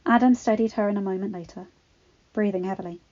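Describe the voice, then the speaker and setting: A woman narrating a fan-fiction story in a steady, expressive reading. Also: mid-range voice, quick pace. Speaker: audiobook reader. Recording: dull lo-fi recording with faint music.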